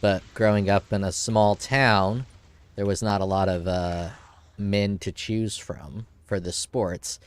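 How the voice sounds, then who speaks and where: A man's voice: fairly low pitch, steady tone, slow pace, clean tone. A man in his forties, stuffed up and nasal, chatting casually and edgily while streaming a game, swearing now and then. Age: 40s. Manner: youthful, edgy, swears casually. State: congested nose.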